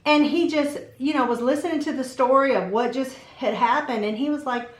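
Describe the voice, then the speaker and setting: A woman vlogger and mom casually telling a personal story in an animated way, acting out what people said. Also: sits high, brisk, hardly any pauses. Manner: animated, acts out quotes in her telling. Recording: roomy echo.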